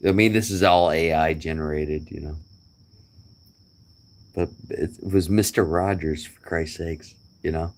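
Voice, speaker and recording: A man's voice: low voice, steady tone, unhurried, vocal fry, pauses often. A middle-aged man chatting casually to a friend, rambling and joking with chuckles. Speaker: vlogger.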